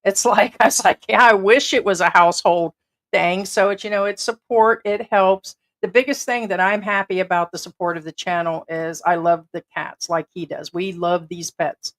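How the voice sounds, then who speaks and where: A woman's voice: lowish voice, steady tone, moderate pace. Chatty, blunt American woman host. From United States. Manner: rambling, blunt and chatty, with casual swearing. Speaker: livestream host. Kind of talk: casual livestream chat.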